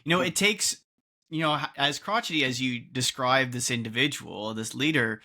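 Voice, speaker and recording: Bright-voiced male podcast host. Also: mid-range voice, normal speed. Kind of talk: casual interview chat.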